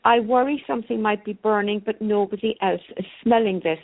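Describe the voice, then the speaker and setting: A woman with an accent, a co-host who reads listener questions aloud on a broadcast in a steady voice. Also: mid-range voice, a little fast. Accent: non-native English. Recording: tinny phone line.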